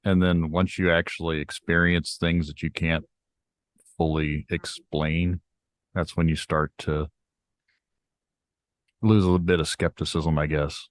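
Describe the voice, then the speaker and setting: A man hosting a podcast, talking in a relaxed, hesitant way with frequent hedging. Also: a bass voice, a little slow, long pauses, no room sound. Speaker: podcast host. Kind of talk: casual podcast talk.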